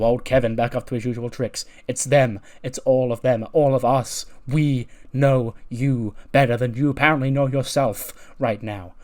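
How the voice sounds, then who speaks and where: Guy doing a pumped-up wrestler giving his buddy a big speech, medium pitch. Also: darkish tone, natural voice. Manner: emphatic, rousing speech. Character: passionate male pro wrestler giving a pep talk.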